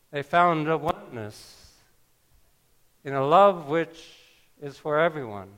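A man preaching a sermon, telling a scripture story slowly with wry asides. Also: a little high, a bit bright, clear, resonant tone. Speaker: pastor.

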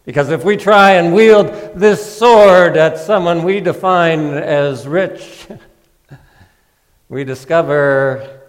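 A male pastor preaching a sermon in a church, in a conversational, gently humorous way. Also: on the high side, big-room sound.

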